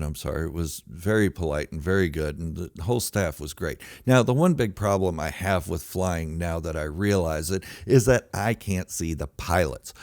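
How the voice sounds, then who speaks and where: A man with a very low voice tells a true story in a loose, casual monologue. He mocks himself and plays up the drama with sudden loud bursts. The sound is close and dry, with no room around it. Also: no room sound. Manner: self-mocking, dramatic retelling with sudden loud outbursts.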